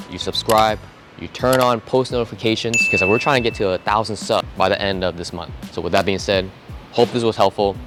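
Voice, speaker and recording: A young man talking straight to camera in a casual advice vlog, relaxed and conversational, acting out short example dialogues. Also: fairly low pitch. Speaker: vlogger giving self-improvement tips.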